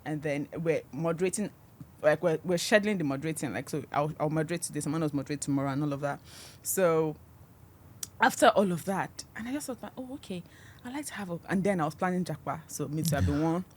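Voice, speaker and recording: A man's voice: a little high, lively intonation, fast. A Nigerian man with a Nigerian accent, hosting a podcast and talking in a reflective, conversational way. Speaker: podcast host. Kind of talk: casual interview chat.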